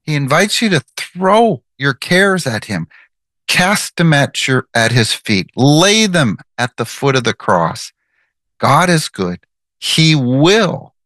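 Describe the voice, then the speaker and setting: A man's voice: medium pitch, very animated, slow, sharp tone, dry recording. A man giving devotional Bible teaching, earnest and emphatic, repeating his key phrases.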